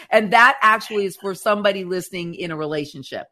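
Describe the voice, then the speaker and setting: A woman co-hosting a casual faith chat show, telling stories in an animated way and acting out what others said. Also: fairly low pitch, a little fast. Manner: animated storyteller who acts out quotes. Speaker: podcast co-host.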